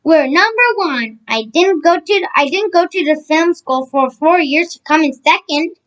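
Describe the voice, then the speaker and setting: An indignant, competitive teacher who shouts at her class in a bright, high voice, as a woman reading a storybook puts her on. She sounds furious at being beaten. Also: expressive, measured pace, muffled recording. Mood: insistent.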